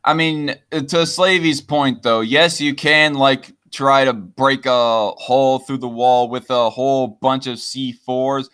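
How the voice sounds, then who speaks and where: A man's voice: mid-range voice, steady tone, takes it slowly, hardly any pauses, fairly bright tone, clean tone. A man hosting a casual podcast, reading chat comments aloud and talking in a hesitant way with many fillers and restarts.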